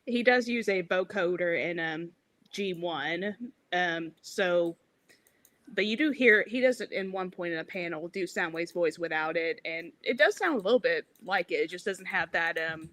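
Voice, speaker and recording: A woman's voice: fairly low pitch, moderate pace, a bit bright. Giggly young woman chatting. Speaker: co-host reacting to a review. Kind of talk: casual chat.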